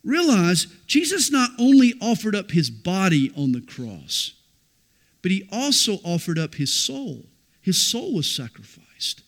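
A middle-aged pastor preaches with a voice that sits a little high for a man. He swings from ringing declarations down to near-whispered, intimate stretches of storytelling. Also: big pitch swings, measured pace. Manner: dramatic swings from loud declaration to hushed intimacy. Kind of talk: sermon.

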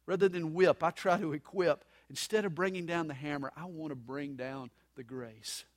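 A man preaching a sermon at a live church service, dramatic, moving between loud emphasis and soft, hushed lines. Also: on the high side, fairly even intonation, normal speed. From United States. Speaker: pastor.

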